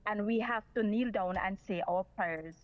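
A woman's voice: mid-range voice, normal speed, phone-quality sound. A woman calling in to talk radio, earnestly repeating her points.

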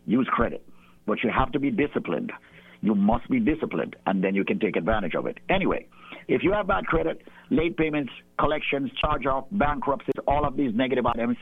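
A man hosting a radio segment, lecturing emphatically and repeating his key points as he pitches a service. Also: breathy edge, no echo. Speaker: radio host and company owner. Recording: tinny phone-like line.

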